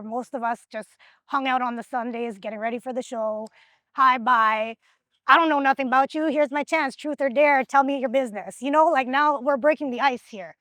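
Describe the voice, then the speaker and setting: A woman, a reality show contestant, telling stories in a confessional, animated and profane, acting out what people said. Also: sits high, no echo. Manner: animated, profane, acts out quotes. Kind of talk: confessional storytelling.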